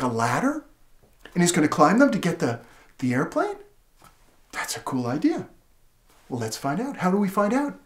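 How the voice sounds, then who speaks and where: A man demonstrating how to read a picture book aloud to a child, playful and animated, asking many questions and gasping and laughing in surprise. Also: high voice. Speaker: literacy educator. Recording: roomy echo.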